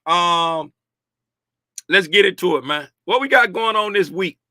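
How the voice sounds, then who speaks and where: An unhurried, expressive middle-aged man with a high, sharp-toned voice runs a casual trading livestream from home. He's playful and folksy, calling on viewers by name, and the audio is clean studio sound without echo.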